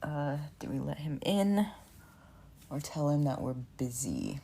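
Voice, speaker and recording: A woman streamer working through a story game in a relaxed, thinking-aloud way. Her voice is very low with plenty of vocal fry and a dark, mellow tone. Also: a little slow. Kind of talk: casual game playthrough and reading aloud.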